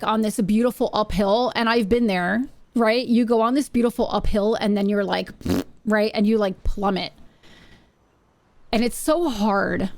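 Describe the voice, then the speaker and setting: A woman's voice: fairly high pitch, no echo. A woman live-streaming from her home setup, chatting casually with her viewers in a rambling way and often repeating her phrases. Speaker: Twitch streamer.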